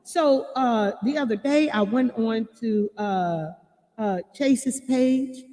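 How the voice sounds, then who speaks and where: A woman hosting a casual live-stream, talking back to her chat in a chatty, emotional way and often bursting into loud laughter. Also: on the high side, slow pace, big-room sound. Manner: chatty, many fillers like "you know what I'm saying". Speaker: channel host reading live chat.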